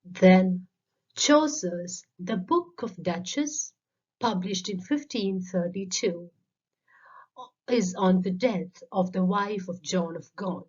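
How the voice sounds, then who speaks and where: A woman with a lowish, darkish voice speaks slowly as she narrates a scripted literature lecture, carefully unpacking terms in sequence. The voice-over sounds dull and lo-fi.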